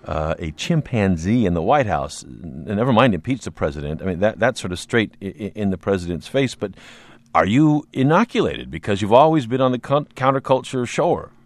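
Low-voiced male interviewer. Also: dry recording. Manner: measured, conversational questioning. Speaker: interview host. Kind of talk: broadcast interview.

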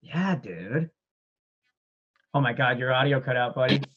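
A man's voice: mid-range voice, expressive, measured pace, fairly bright tone, breathy edge, dull audio. A man hosting a podcast, chatting casually and joking around, riffing on his guest's stories with lots of laughter. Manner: jokey, laughs a lot, riffs on the guest's stories. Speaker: podcast host. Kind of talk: casual chat.

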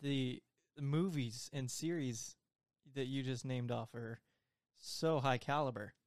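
A man co-hosting a podcast who talks in a relaxed, easygoing way and chimes in with laughs and agreement. His voice is at a middle pitch and the sound is dry and close. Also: measured pace, dry recording. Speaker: podcast co-host. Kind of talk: casual chat.

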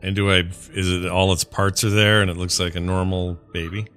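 A man's voice: low voice, flat delivery, brisk, a bit bright, soft background music. A man playing in a tabletop game, reacting and joking casually. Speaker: player.

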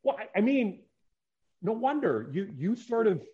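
Male host, jokey and animated, rambling questions, slightly dull recording. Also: high voice, a little slow. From upper Midwest near Minnesota. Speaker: interview host. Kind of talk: casual podcast interview.

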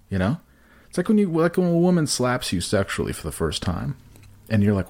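A man's voice: mid-range voice, sing-song, fast, vocal fry, darkish tone. A man telling a crude, rambling comic story in casual podcast chat, full of fillers and restarts.

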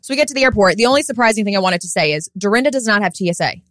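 A woman's voice: medium pitch, lively intonation, very fast, a bit bright, dry recording, clean studio sound. A woman co-hosting a podcast, telling a story in casual chat and acting out quoted voices. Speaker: podcast co-host.

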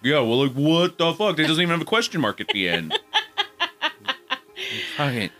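A man's voice: mid-range voice, very animated, moderate pace, pauses often, sharp tone, faint music behind. A man co-hosting a married couple's movie podcast, chatting in a joking, sarcastic way with ranting asides and swearing. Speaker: podcast co-host. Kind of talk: casual comedic chat.

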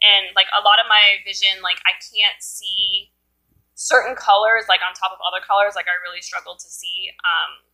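A woman in her thirties talks in a casual podcast chat, rambling through filler words with a self-deprecating streak. Her voice is very bright and forward. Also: mid-range voice, flat delivery, normal speed, low-quality recording. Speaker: podcast co-host.

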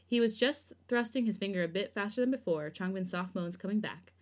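Steady woman podcast host narrating. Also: medium pitch, brisk. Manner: smooth, steady reading, giggly in chat. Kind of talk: reading fan fiction aloud with asides.

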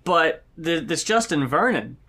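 A man co-hosting a podcast, talking casually about songs, animated and quick to swear and laugh. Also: a little high. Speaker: podcast co-host. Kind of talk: casual album review chat.

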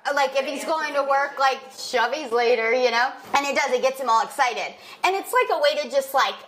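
A woman's voice: high voice, fairly quick, fairly bright tone, poor audio. A woman in her thirties co-hosting a podcast, talking candidly and a little sheepishly, with frequent giggles. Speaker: podcast co-host. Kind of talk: casual chat.

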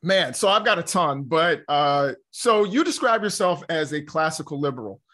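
A man's voice: on the high side, lively intonation, normal speed, a bit bright. A male talk show co-host who is a little out of breath, chatting casually and then asking long interview questions.

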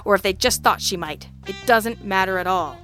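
A woman's voice: mid-range voice, moderate pace, a bit bright, faint music behind, close to an everyday voice. A woman reading an audiobook, voicing a grim male private investigator who needles and pushes without letting up. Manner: dry, pushing, needling.

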